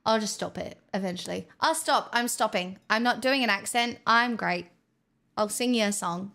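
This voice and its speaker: A woman's voice: medium pitch, normal speed, gravelly, pushed and bright. A woman streamer chatting casually with her viewers, playful and self-mocking, laughing often. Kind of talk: casual stream chat with singing.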